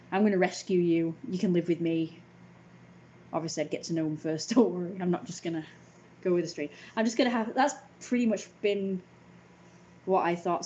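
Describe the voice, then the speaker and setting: A woman's voice: mid-range voice, darkish tone, low-quality recording. A woman in her thirties in a casual, sweary vlog rant, wry and self-mocking and often laughing. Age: 30s.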